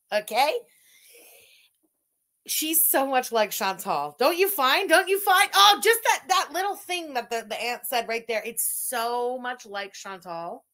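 Woman with a Montreal English accent, fairly high voice, blunt mocking commentary, lively pitch. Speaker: reaction commentator. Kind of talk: reaction commentary.

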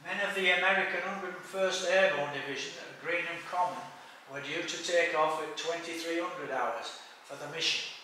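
A man's voice: a little high, moderate pace, pushed and bright, slight background noise. A man giving a read-aloud history lecture, reading steadily from notes with small stumbles. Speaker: speaker giving a history talk. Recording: echoey room from a distance.

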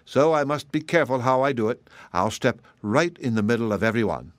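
A man's voice: mid-range voice, animated, brisk, no room sound, lightly acted. A man voicing an earnest, simple-minded little boy who eagerly answers his mother in a storybook reading. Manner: eager, obedient.

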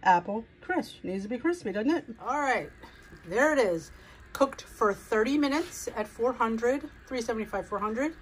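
A woman's voice: fairly high pitch, lively intonation, moderate pace, slight background noise, poor audio. A woman hosting a home cooking video, talking viewers through a recipe in a chatty, rambling way. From United States. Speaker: cooking vlog host. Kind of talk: casual cooking demonstration.

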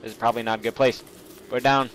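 A young man giving goofy, excitable let's play commentary while playing a game. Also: medium pitch, very fast, a little hiss or hum. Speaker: gameplay commentator.

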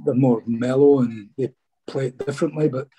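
A man's voice: mid-range voice, steady tone, fairly quick, warm tone. A middle-aged man from Scotland, a former footballer chatting casually in an interview and peppering his stories with "mate".

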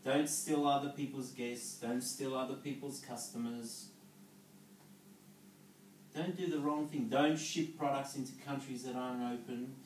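A man of medium pitch speaks with fairly even intonation at a measured pace, heard from afar in an echoey room with a little hiss or hum. He's a network marketing speaker giving a motivational business talk, coaching listeners and checking in with "okay?" and "yeah?".

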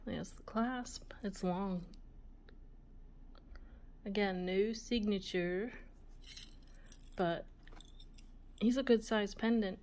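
A woman hosting a vintage jewelry video, musing aloud in a soft, relaxed voice and sometimes dropping to a whisper. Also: mid-range voice, slight background noise. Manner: slow, soft-spoken, musing aloud, often drops to a whisper. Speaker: vintage jewelry channel host. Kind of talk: casual show-and-tell of jewelry.

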